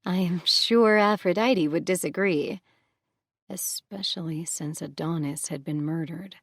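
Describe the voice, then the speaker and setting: A woman's voice: on the low side, unhurried, dry recording, studio quality. A woman voicing a young goddess heroine, earnest and direct.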